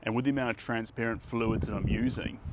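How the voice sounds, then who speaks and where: A man's voice: lowish voice, fairly even intonation, quick pace. A man with a New Zealand accent chatting casually to his viewers as he paints, rambling from one thought to the next. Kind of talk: live painting stream chat. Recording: outdoor noise with passing traffic. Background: outdoor ambience and vehicles.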